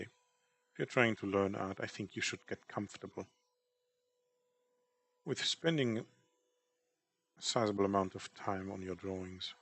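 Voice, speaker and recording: A man's voice: deep voice, a little hiss or hum. A man chatting casually while drawing on stream, rambling and self-deprecating about his work. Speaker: artist streamer.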